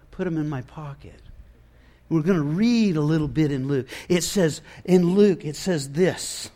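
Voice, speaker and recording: Male pastor, pretty high voice, chatty animated storytelling sermon. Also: measured pace. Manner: animated storytelling, conversational with asides.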